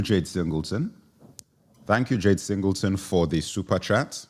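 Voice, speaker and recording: A middle-aged man hosts a live commentary stream, greeting viewers by name and saying his phrases twice, sounding a little congested from sneezing. His voice sits low with lively intonation at a measured pace, and there's slight hiss or hum.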